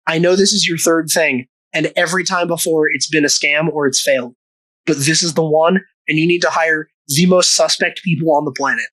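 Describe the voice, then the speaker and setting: A man putting on the low, mock-solemn voice of ghosts giving advice. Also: steady tone, brisk, bright, forceful tone, no room sound, low-quality recording.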